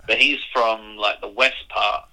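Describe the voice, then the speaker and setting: An English man in casual conversation, explaining things in a measured way with plenty of fillers. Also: fairly low pitch, steady tone, pushed and bright, rough recording. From England. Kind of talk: casual chat.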